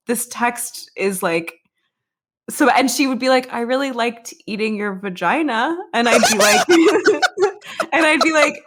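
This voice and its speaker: A woman's voice: a little high, a bit bright. A young American woman, a podcast guest, telling candid anecdotes in casual chat and laughing often. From United States.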